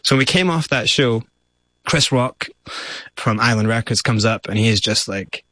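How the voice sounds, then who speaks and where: A man with a Scottish accent, a guest telling his story in casual, animated conversation. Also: medium pitch, normal speed, no room sound.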